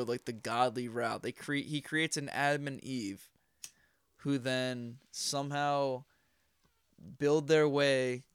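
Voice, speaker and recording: A man's voice: medium pitch, clean tone, no echo. Slangy young man rambling casually. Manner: rambling, slangy, lots of "like" and "dude". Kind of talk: casual podcast chat.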